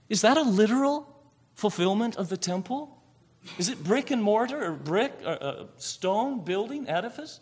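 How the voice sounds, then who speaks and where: A man's voice: high-pitched, sing-song, moderate pace, darkish tone, slightly rough. A man preaching a sermon, asking rhetorical questions and answering them himself.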